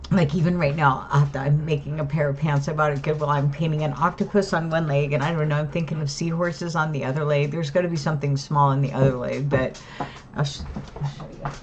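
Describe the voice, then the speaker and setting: A woman's voice: low voice, fairly even intonation, fast, a little hiss or hum. A tired woman rambling and venting to her camera at home, full of restarts and tag questions. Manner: rambling, weary, frequent "right?" and restarts. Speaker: vlogger. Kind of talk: casual venting monologue to camera. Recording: dull lo-fi sound.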